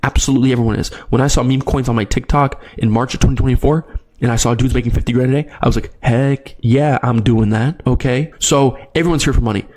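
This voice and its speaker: A man's voice: medium pitch, steady tone, very fast, darkish tone. A man hosting a trading video, delivering an urgent motivational monologue straight to the viewer and checking in with repeated tag questions. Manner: urgent, repetitive direct address, frequent tag questions.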